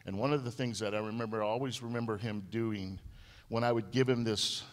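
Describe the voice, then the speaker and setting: A man with a somewhat low voice gives a eulogy at a memorial service. He tells stories, repeating phrases and restarting his sentences. His voice rings out with a long reverb in a church hall. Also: steady tone, a little fast. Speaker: eulogy speaker.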